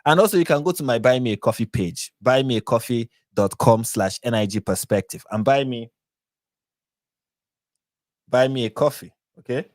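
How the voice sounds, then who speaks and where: A man with a Nigerian accent hosting a live reaction stream, chatty and quick to laugh, often restarting and correcting himself. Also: medium pitch, dry recording, clean studio sound. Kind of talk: casual live-stream commentary.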